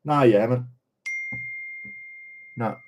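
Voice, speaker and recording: A man's voice: medium pitch, slow pace, a little mellow. Laid-back Australian man chatting live. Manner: chatty, laid-back, greets viewers by name. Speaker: livestream host. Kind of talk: casual live chat with viewers. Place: in a caravan on the road.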